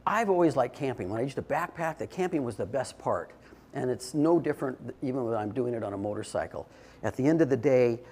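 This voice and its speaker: A man's voice: medium pitch, a little mellow, breathy edge. An older man giving a short, informal talk to an audience, telling stories in a conversational way with restarts and fillers. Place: indoor event space.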